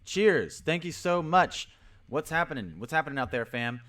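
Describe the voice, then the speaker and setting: A man's voice: on the high side, animated, moderate pace. A man hosting a casual livestream, cheerfully repeating greetings and calling out viewers by name. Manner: upbeat, repetitive greetings, shouting out viewers. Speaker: crypto livestream host.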